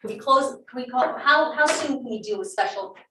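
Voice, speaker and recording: A woman's voice: a little high, lively intonation, fairly quick, noisy background. A woman on a township committee, speaking emotionally and insistently at a public meeting, often restarting her sentences. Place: municipal meeting room. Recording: echoey room, distant mic.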